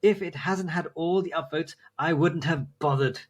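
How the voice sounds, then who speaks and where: A man's voice: a little high, normal speed, husky, voice pushed up. A man reading out an online comment in the voice of a pompous, indignant male commenter who lectures stiffly. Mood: lecturing. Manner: stiff, lecturing, breaking into laughter.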